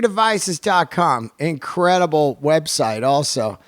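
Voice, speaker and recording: A man's voice: on the high side, a little slow, dry recording, studio quality. A man hosting a podcast, reading sponsor spots and chatting in a casual, profane, rambling way. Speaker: podcast host and comedian. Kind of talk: casual podcast talk and ad reads.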